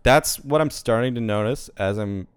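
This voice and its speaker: A man's voice: medium pitch, moderate pace, clean tone, no echo. A man in his twenties, a podcast guest, telling rambling stories in casual chat with lots of fillers. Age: 20s. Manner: rambling storytelling, many fillers.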